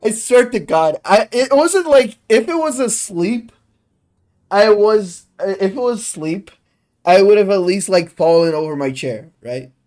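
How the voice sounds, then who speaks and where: A man hosting a livestream in casual chat, rambling and excitable, quick to laugh. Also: high-pitched. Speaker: streamer host.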